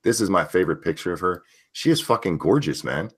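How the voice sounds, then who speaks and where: Deep-voiced man, blunt casual streamer. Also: lively intonation, quick pace, fairly bright tone, breathy edge. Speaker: streamer host reading chat. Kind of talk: casual livestream chat.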